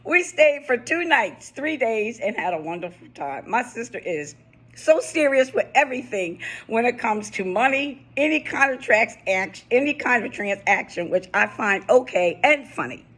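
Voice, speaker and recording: A woman's voice: on the high side, expressive, normal speed, fairly bright tone. Chatty East Coast woman, laughing often. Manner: chatty, laughs easily, repeats phrases for emphasis. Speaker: vlogger. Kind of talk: personal vlog with a read-aloud poem.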